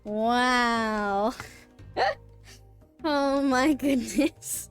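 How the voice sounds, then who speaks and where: Bubbly woman streamer, higher voice, chatty and giggly with her viewers. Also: very slow, soft background music. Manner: bubbly, squeals with excitement, then mutters softly. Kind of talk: casual live-stream chat, reading chat aloud.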